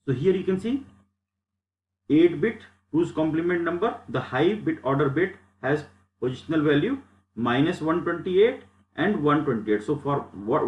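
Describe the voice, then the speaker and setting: A man's voice: a little high, reverberant. A man teaching a lecture over slides, explaining step by step and often repeating himself.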